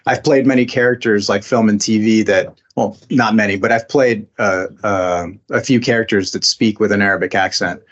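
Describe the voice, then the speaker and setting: A man's voice: lowish voice, fairly even intonation, normal speed, hardly any pauses, dull audio. A man being interviewed as a voice actor, talking casually with many fillers and restarts. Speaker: voice actor guest.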